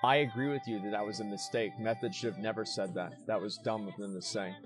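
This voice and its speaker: A man's voice: lowish voice, fairly even intonation, fast, over music. A man streaming, arguing his side in a heated casual debate and pressing his points with repeated words.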